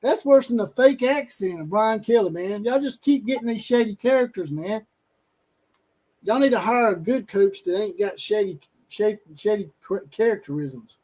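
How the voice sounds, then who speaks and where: A man with a drawl runs a casual college football stream. His voice sits noticeably high, and he keeps up a steady stream of jokes and playful jabs at rival fans. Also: normal speed, low-quality recording. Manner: joking, teasing, trash-talking. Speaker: show host. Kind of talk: casual sports talk stream.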